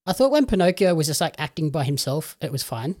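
Relaxed man chatting about a film. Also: on the high side, quick pace. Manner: relaxed, agreeable, filler-heavy. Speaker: co-host commentator. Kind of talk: casual film review chat.

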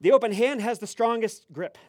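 A man's voice: very high voice, brisk, a little mellow, no room sound, studio quality, voice pushed up. A pastor voicing a mysterious male stranger who offers stock sayings with raised, emphatic delivery. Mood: proverbial.

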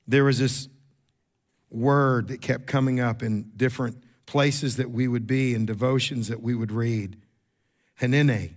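A middle-aged male pastor, preaching in a mid-pitched voice. He talks to the congregation as if chatting, restarts phrases, and pushes his voice up for emphasis. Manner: conversational, repeats words, quick asides to the congregation; rises in pitch and volume for emphasis. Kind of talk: sermon.

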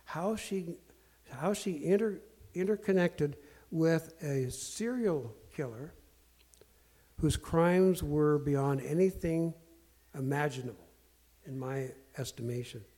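Man, storytelling talk, earnest and self-deprecating, many fillers, warm mellow voice, slightly high. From Portland area. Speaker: speaker sharing life lessons.

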